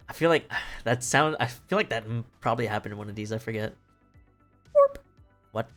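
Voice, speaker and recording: A man's voice: medium pitch, sing-song, moderate pace, a bit bright. A young man streaming, casually retelling a play in a rambling, profane way, laughing often. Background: faint music.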